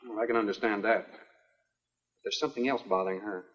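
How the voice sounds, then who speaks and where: An actor playing a blunt, easygoing sea captain in a 1950s film, plain-spoken in manner. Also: male voice, on the low side, fairly even intonation, brisk, heavy background noise, natural voice. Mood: casual. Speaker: boat captain.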